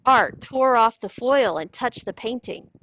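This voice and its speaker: A woman narrating a children's storybook read-aloud in a clear, even storytelling manner. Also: a little high, measured pace, highs cut off, slight background noise.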